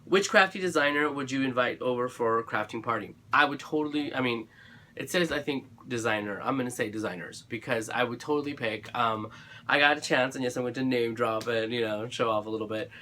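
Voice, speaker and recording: A man's voice: mid-range voice, a little fast, pushed and bright, a little hiss or hum. A man chatting casually to camera about his craft supplies, gushing and rambling with lots of fillers and restarts, his throat a little dry. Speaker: craft channel vlogger.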